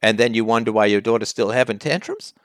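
A man's voice: fairly low pitch, quick pace, no room sound, clean studio sound. A man hosting a call-in advice show, talking bluntly and challenging the caller with heat.

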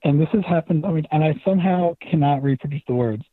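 A man's voice: on the high side, fast, no echo. A man calling in to a show who speaks hesitantly and often repeats his words. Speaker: caller. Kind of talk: phone call-in conversation. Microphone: telephone. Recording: tinny dry phone line.

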